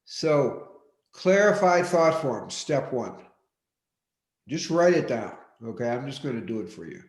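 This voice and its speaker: A man leading an online workshop, speaking in a deliberate, directive way and often repeating his key points. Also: mid-range voice, sing-song. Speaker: workshop teacher. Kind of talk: live online teaching session. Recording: roomy echo.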